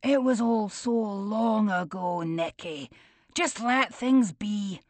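A woman reading the lines of a bitter, dismissive older father in an audiobook, speaking gruffly and defensively. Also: mid-range voice, slow pace, a little mellow, dry recording, close to an everyday voice. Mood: weary. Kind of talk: audiobook character voice.

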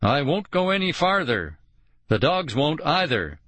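A man's voice: a little high, very animated, unhurried, a bit bright, no room sound, voice pushed up, exaggerated voice. A man voicing a grim, wary sled-dog musher who insists on warnings, in an audiobook. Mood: insistent. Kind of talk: audiobook character voice.

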